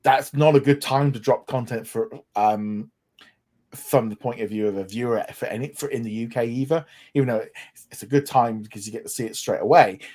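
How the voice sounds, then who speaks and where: Man, podcast co-host, chatty, enthusiastic, mid-pitched voice. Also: brisk, a little mellow. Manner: chatty, enthusiastic, many restarts. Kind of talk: casual chat.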